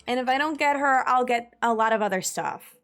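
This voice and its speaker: A chatty young woman with a slightly high voice talks casually on a game stream. She tells stories with lots of giggles and greets viewers in chat. Faint game music plays quietly beneath her voice. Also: a little fast. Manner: chatty, giggly storyteller, reads chat aloud.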